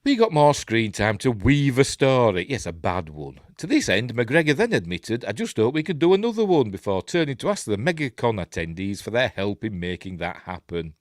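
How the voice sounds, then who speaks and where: A man's voice: on the low side, sing-song, moderate pace, few pauses, no echo, studio quality. A man with a Yorkshire accent hosting a live-stream news show, reading stories aloud and adding chatty, sarcastic asides. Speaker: host.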